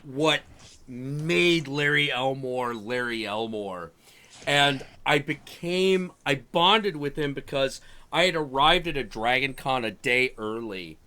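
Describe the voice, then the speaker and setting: A man hosting a live stream, telling animated casual stories with frequent swearing and stammered restarts. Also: medium pitch, slow pace. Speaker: show host.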